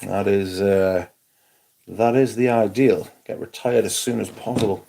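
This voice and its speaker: A man's voice: lowish voice, fairly even intonation, measured pace, vocal fry, mellow. A man hosting a casual live stream, chatting wryly and greeting viewers by name. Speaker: livestream host.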